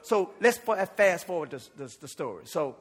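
A man pastor telling a comic story in a sermon, animated and shouting at the high points. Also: normal speed, husky.

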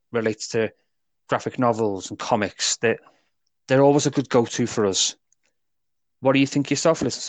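A man's voice: medium pitch, no echo. A young man co-hosting a podcast, talking casually and rambling with restarts and laughter. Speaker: podcast co-host.

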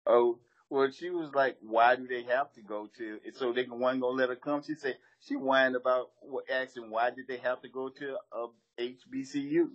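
A man's voice: medium pitch, fairly even intonation, normal speed, hardly any pauses. A man in casual chat, laid-back and teasing, mostly chiming in with short agreeing replies. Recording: muffled lo-fi mic.

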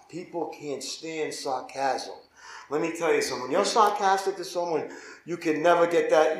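A man's voice: on the high side, fairly bright tone. A man, a pastor, teaching a Bible study in an informal, conversational way and often asking his listeners "right?". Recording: echoey room.

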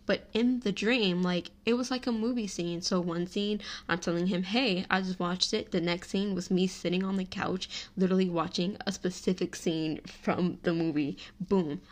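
Young woman doing a solo podcast, super chatty and animated, lots of "like"s and giggles. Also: medium pitch. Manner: chatty and animated, sprinkled with "like" and laughs. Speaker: podcast host. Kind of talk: casual solo podcast storytelling.

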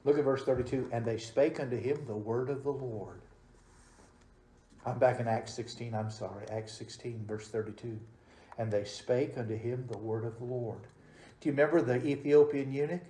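A man preaching a sermon as pastor, swinging between loud, emphatic passages and soft, hushed ones. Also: medium pitch, steady tone, normal speed, a little hiss or hum. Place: church sanctuary. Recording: roomy church echo.

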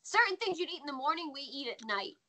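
An American woman talks as a guest in a relaxed interview. Her voice sits a little high and sounds bright and clear. She is animated and laughs easily. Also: fast. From United States. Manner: chatty, laughs often, animated. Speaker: guest, former wrestler. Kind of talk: casual interview chat.

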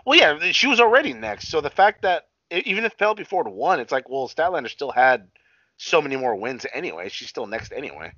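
A young man co-hosts a casual wrestling podcast at a fairly quick pace in a medium pitch, animated and swearing as he acts out what people said. The recording is dry, dull and lo-fi.

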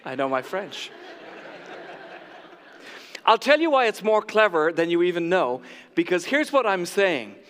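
A man's voice: high-pitched, sing-song, moderate pace, fairly bright tone, in a large hall, slight background noise. A male pastor giving a sermon with a jokey, self-mocking storytelling manner. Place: church sanctuary.

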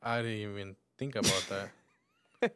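A man's voice: on the low side, slow pace, sharp tone, slight background noise. A man co-hosting a casual podcast, reacting in short, blunt, profane remarks. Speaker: podcast co-host.

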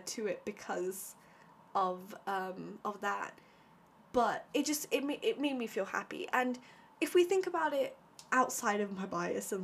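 A woman's voice: mid-range voice, a little hiss or hum. A young woman giving an enthusiastic, casual spoken review, chatty and full of "like" and "um". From Britain. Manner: enthusiastic, chatty, heavy use of "like" and "um". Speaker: vlogger reviewing a TV series.

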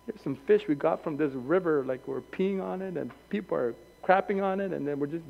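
A man preaching a sermon, moving from quiet storytelling to shouted passion. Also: a little high, fairly quick, vocal fry, few pauses. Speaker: pastor. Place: church hall. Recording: dull, long-echo church sanctuary.

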